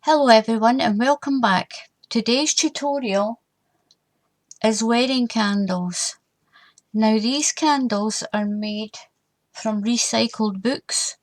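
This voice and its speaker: A woman's voice: fairly high pitch, takes it slowly. An older woman, hosting a casual craft tutorial in a chatty way and repeating warnings with emphasis.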